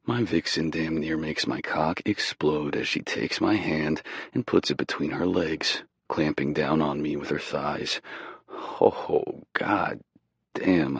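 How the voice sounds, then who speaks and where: A man with an extremely deep, gravelly voice narrates a romance audiobook in the first person. His tone is husky and slow, with an intimate, low-key delivery. The recording is dry and close to the mic. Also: no room sound.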